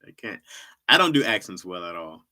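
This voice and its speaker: A middle-aged man hosts a loose livestream chat, rambling through his thoughts and circling back to the same lines. His voice is bright and sharp, with a lively pitch that bounces around as he talks. He laughs easily and answers chat comments as they come in. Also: brisk. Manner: rambling, repeats himself, laughs often, reacts to chat. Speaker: livestream host. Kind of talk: casual stand-up style chat.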